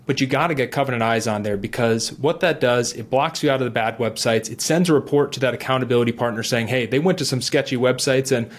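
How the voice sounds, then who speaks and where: A middle-aged man earnestly telling his own recovery story in a talk, animated and acting out his inner voice. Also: mid-range voice, fast talker, hardly any pauses. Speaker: guest sharing recovery story. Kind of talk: earnest personal testimony.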